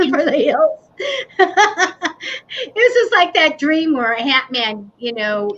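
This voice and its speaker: A woman in casual chat, telling a ghost story with animation and acting out what she said. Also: on the high side. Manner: animated storytelling, acting out her own quotes. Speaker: paranormal talk show panelist. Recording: dull lo-fi livestream audio with faint noise.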